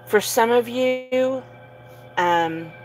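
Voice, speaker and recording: A woman giving a casual tarot reading, relaxed and sleepy, with many fillers and soft laughs. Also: on the high side, extremely slow, music in the background, low-quality recording. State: sleepy, yawning. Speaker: tarot reader.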